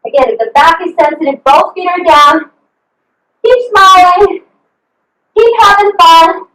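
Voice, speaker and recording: A woman's voice: extremely high pitch, measured pace, fairly bright tone. A woman fitness coach leading a live online workout, upbeat and encouraging, cheering her class on with whoops over a video call. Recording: echoey video call from a distant mic.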